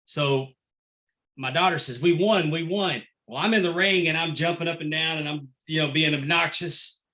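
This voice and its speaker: Man, referee guest, forceful bright tone, animated yarn-spinner. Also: fairly high pitch, normal speed. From Texas. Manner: animated anecdotal storyteller, acts out quotes. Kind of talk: casual storytelling interview.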